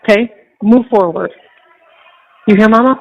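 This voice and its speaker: A woman's voice: on the high side, moderate pace. Firm soothing mother on a phone line. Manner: firm, soothing, repeats herself. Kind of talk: casual phone chat.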